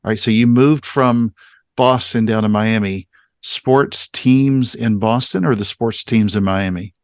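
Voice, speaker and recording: A man hosting a podcast, running through interview questions in a brisk, upbeat way. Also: medium pitch, dry recording, clean studio sound. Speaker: podcast host. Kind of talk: interview host asking questions.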